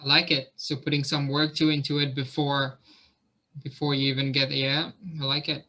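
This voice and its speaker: A man's voice: medium pitch, flat delivery, moderate pace, sharp tone. A man coaching a group on a video call, talking in an encouraging, conversational way. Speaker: fitness coach.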